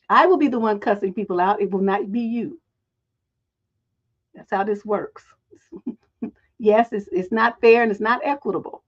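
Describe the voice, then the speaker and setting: A middle-aged woman hosting a relationship advice livestream, telling stories in a blunt, profane, animated way. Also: medium pitch, moderate pace, long pauses, lo-fi sound.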